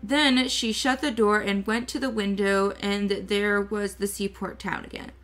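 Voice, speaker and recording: Slow, bright-voiced woman reading aloud. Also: medium pitch, level tone. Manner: slow, careful reading with small slips and self-corrections. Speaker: VTuber book reader.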